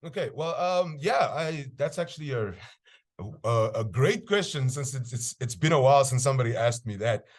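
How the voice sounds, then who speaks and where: A man's voice: medium pitch, lively intonation, moderate pace. A man from Namibia, an easygoing podcast guest talking casually. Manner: easygoing, with frequent restarts. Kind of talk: casual interview.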